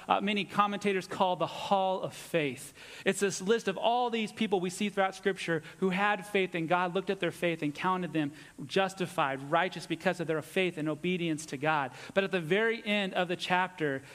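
A pastor preaching a sermon with earnest emphasis, dropping low and soft on his key points. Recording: long reverb of a church hall.

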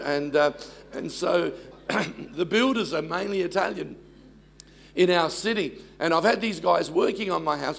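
Man, 60s, pastor, sermon, gravelly, slightly high voice, humorous storytelling. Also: a little hiss or hum. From Australia. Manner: warm storytelling with self-deprecating humor.

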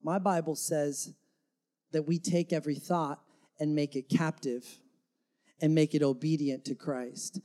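Slow, emphatic male pastor preaching. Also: a little high, fairly even intonation, warm tone. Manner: dynamic, emphatic preaching with acted-out quotes. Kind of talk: sermon. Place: church before a congregation.

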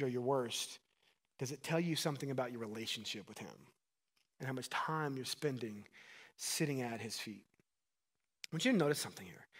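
A man in his thirties preaching a sermon with a slightly higher voice than most men. He talks to the congregation in an earnest, conversational way, throwing in asides and questions as he goes. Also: fairly bright tone. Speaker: pastor.

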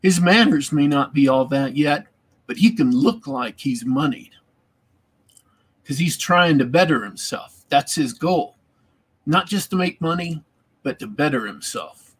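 Husky-voiced man rambling about tabletop games. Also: a little high, lively intonation, measured pace. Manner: rambling, repeats words while thinking. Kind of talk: casual chat about tabletop gaming.

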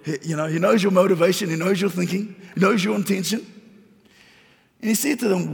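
High, gravelly-voiced preacher in echoing hall. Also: male voice, fairly quick. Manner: preaching with rising emphasis and repeated phrases. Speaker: pastor. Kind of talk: sermon. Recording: long reverb of a large hall.

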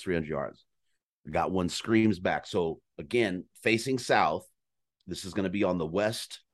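A man telling a hunting story in casual chat, animated and profane, acting out calls and his own reactions. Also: low-pitched. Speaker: guest storyteller on a hunting podcast.

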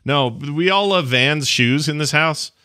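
A man's voice: on the high side, measured pace, sharp tone, clean tone, no room sound, studio quality. A middle-aged man co-hosting a podcast in casual chat, joking and rambling, with mock rants. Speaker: podcast co-host.

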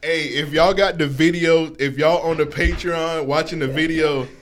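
Recorded in a home studio with a little hiss or hum, a male podcast co-host speaks at a moderate pace in a slightly high, fairly even voice. His casual chat is loose banter full of "bro," and he laughs often between lines.

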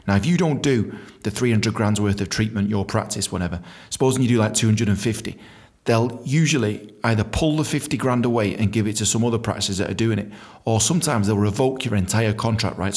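A young man hosting a podcast, telling a story in an animated, swearing way and acting out other people's voices. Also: lowish voice. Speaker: podcast host. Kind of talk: casual storytelling.

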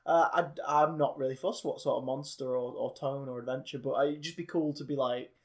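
A man's voice: medium pitch, steady tone, fairly quick, a little mellow. A man co-hosting a casual podcast, rambling along and swearing offhandedly. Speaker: podcast co-host.

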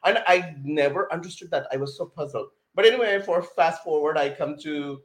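A man from India speaks as a podcast guest, telling his story in an animated way. He keeps stopping and restarting around many fillers. His voice sits slightly high, and it carries a roomy echo. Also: moderate pace. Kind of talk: personal storytelling in conversation.

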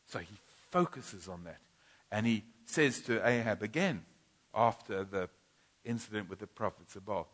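A man's voice: fairly low pitch, moderate pace, fairly bright tone. A man preaching a sermon in a church, emphatic and repetitive, often restarting phrases.

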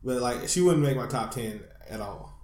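Animated joking man, echoey room. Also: mid-range voice, normal speed. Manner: animated, joking, laughs often, profane. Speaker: podcast co-host. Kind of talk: casual podcast chat.

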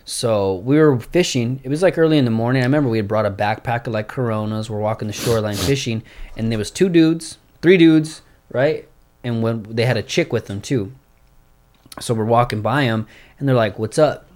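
Brief: young adult man, casual storyteller, profane and animated, mid pitch. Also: fairly quick.

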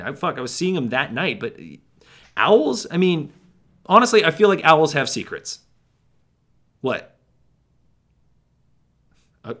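A man's voice: mid-range voice, fairly bright tone, heavily acted. A man playing a jittery, paranoid young man, rambling with wry asides to the listener in a monologue. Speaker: first-person narrator. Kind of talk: monologue storytelling.

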